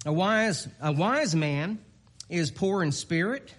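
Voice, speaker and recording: A man preaching in a folksy, unpolished way, stopping and restarting his thoughts with plenty of filler sounds. His voice sits a little on the high side for a man, and he chuckles at himself now and then. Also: animated, slow pace. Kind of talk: informal sermon.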